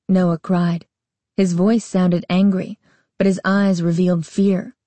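A woman narrating a storybook aloud with a slow, even reading. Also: fairly low pitch, no echo.

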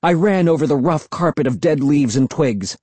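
A man narrating a first-person suspense story, reading expressively and dropping to a hush for tense moments. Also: fairly high pitch, normal speed, breathy edge, dry recording. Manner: expressive, hushed for suspense, raised for shouts. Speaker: audiobook narrator.

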